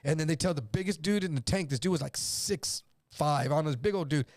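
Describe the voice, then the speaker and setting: A man's voice: a little high, brisk, no echo, studio quality. A man from El Paso telling a story as a guest, acting out other people's voices and swearing freely. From El Paso, Texas. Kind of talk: casual storytelling on a livestream.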